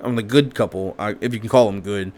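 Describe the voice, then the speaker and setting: A man's voice: lowish voice, fast talker. Rambling casual man. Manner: rambling, animated, full of restarts and slang like "dude" and "bro". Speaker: co-host. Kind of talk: casual chat recapping a movie.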